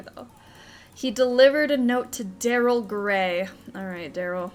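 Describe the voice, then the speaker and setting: A woman hosting a casual let's-play, chatting away over a video game. She giggles often and fills her talk with "like"s, and soft game music sits faintly behind her. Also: fairly high pitch, unhurried. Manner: giggly, chatty, lots of fillers. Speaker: gaming video host.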